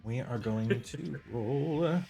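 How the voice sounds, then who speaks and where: A man's voice: mid-range voice, takes it slowly, vocal fry, mellow, soft background music. A man running a tabletop game as game master, narrating casually, with hesitant fillers and frequent laughs.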